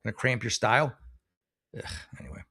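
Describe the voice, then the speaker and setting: Brief: man, mid-pitched, blunt and sarcastic, loose rambling commentary as a mock advice host. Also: very animated, brisk, vocal fry, sharp tone. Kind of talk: casual commentary on read-out posts.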